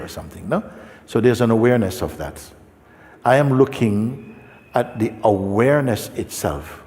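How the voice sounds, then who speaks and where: A man with a fairly low voice gives a spiritual talk. He answers a seeker gently and without hurry, and often pauses to ask if he is understood. His voice rings with the long reverb of a large hall. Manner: gentle, unhurried, checks in with questions. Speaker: spiritual teacher.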